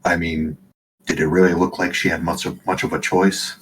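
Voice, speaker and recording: A man's voice: sits low, flat delivery, moderate pace, a bit bright, slight background noise. A man voicing a wary, blunt male adventurer who talks in a dry, skeptical way.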